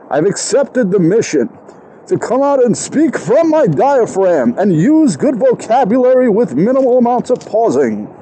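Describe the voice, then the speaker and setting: A man vlogging casually outdoors on a city street with a clip-on mic, deliberately trying to enunciate every word. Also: high-pitched, dark tone, a little hiss or hum, low-quality recording. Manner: self-aware, trying hard to enunciate. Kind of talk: casual self-talk vlog.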